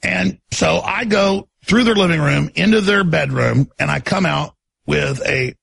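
A man telling a story on a podcast in a casual, animated way, acting out the people in it. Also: a little high, unhurried. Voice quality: gravelly, raspy. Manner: animated, acts out voices in his story.

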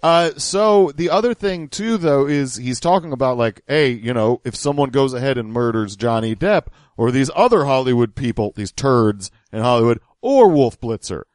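A man's voice: mid-range voice, expressive, normal speed, few pauses, a little mellow, no echo, studio quality. A man hosting a podcast, wryly picking apart a clip in casual chat. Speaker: podcast host. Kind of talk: casual chat reacting to clips.

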